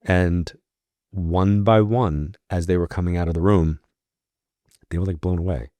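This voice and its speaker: Speaking a little slowly in a low-pitched voice, a psychic medium from New York is a guest on a podcast. In casual talk he relates a long personal story, animatedly performing the quoted dialogue of its characters, on a dry recording.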